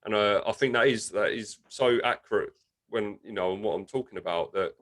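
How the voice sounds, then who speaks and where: A man's voice: lowish voice, brisk, fairly bright tone. A young man hosting a casual interview, chatty and often restarting his words. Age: young adult. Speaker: host.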